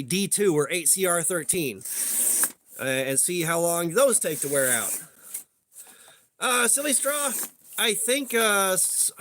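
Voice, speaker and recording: A man's voice: sits high, fairly bright tone, slight background noise. A young man hosting a casual livestream, rambling profanely and greeting viewers in chat by name. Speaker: livestream host.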